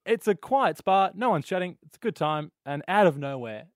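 Australian male radio co-host; chatty, animated storyteller; higher pitch, very lively intonation. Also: normal speed, no echo, clean studio sound. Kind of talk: casual banter on breakfast radio.

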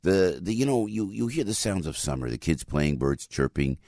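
A man's voice: low-pitched, very animated, moderate pace, warm tone, no room sound, studio quality. A man hosting a morning talk radio show, chatty and full of restarts as he reads live ads.

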